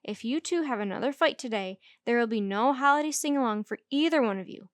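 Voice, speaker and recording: A woman reading a calm, patient male teacher. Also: fairly high pitch, no echo, natural voice. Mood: stern. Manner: measured, gently correcting grammar. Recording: dry close recording.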